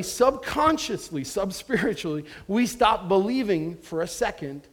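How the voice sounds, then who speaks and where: A man preaching a sermon as pastor, in an earnest, conversational way with some restarts. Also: high voice.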